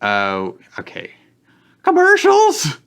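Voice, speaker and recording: A man voicing a squeaky-voiced young guy in a live fanfiction reading. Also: wildly swooping pitch, takes it slowly, creaky, a bit bright, clean tone, exaggerated voice. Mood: puzzled.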